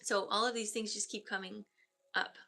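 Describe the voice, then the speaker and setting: A woman energy healer talks in a soft, flowing way as she passes on messages from spirits and leads a grounding meditation. Her voice has a gravelly fry, with a bright edge on top. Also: medium pitch, steady tone, normal speed. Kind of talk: channeled healing session with guided grounding.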